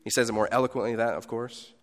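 A pastor giving a sermon in a conversational style, moving between loud emphasis and quiet asides. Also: male voice, medium pitch, little pitch movement, very fast, big-room sound.

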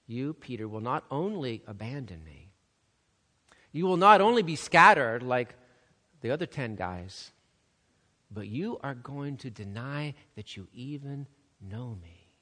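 A man preaching a sermon, swinging between loud, urgent emphasis and hushed, soft passages. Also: medium pitch, very animated, a little slow. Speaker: pastor. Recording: long reverb of a large hall.

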